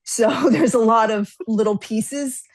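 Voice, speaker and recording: Animated woman acting out her story. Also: fairly high pitch, slow. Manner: animated storyteller, acts out characters' lines. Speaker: guest author. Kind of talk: casual podcast chat.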